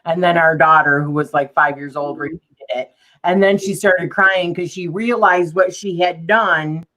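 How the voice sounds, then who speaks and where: A middle-aged woman hosts a relaxed video chat. Her voice sits low, and she talks in a chatty, teasing way. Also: moderate pace. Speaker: host. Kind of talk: casual chat.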